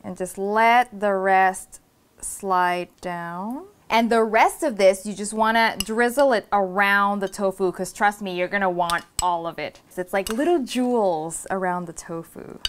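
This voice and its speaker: A woman's voice: mid-range voice, unhurried, slight background noise. A woman hosting a cooking show, walking through a recipe step by step in a casual, upbeat, chatty way.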